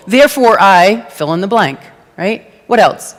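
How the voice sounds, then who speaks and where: A woman's voice: medium pitch, lively intonation, unhurried, long reverb tail. A woman giving a conversational, playful sermon to a congregation and asking them to answer back. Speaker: guest speaker at a church service. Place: church sanctuary before a congregation.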